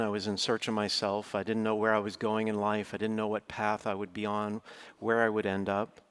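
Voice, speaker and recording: Earnest middle-aged preacher telling a story. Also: male voice, fairly low pitch, a bit bright. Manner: earnest storyteller, rising sharply when quoting himself. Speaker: pastor. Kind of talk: sermon storytelling.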